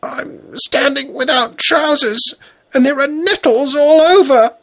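A man voicing a gruff, stubborn four-year-old boy in a storybook reading. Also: very high voice, takes it slowly, a bit bright, voice pushed up, heavily acted. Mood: sulky.

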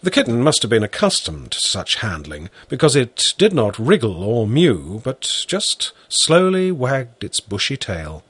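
Slow, husky, animated male storyteller. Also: medium pitch, dry recording. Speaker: narrator. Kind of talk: scripted story narration.

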